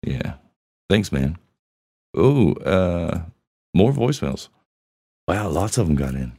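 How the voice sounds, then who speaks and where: A man's voice: deep voice, big pitch swings, slow, mellow, husky, dry recording. A man hosting a podcast, joking crudely and chatting casually as he plays voicemails. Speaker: podcast host. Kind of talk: casual banter reading voicemails.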